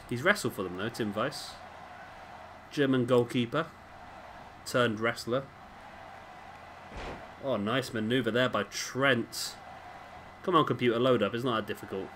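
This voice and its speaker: A man's voice: medium pitch, a bit bright, slight background noise. A man giving casual, rambling commentary over a wrestling video game and often correcting himself. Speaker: gaming commentator.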